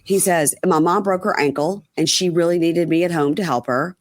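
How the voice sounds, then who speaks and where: A woman's voice: lowish voice, normal speed, dry recording, studio quality. A woman hosting a casual podcast, recapping a reality episode and acting out people's lines, with frequent ums and swearing. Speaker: podcast host.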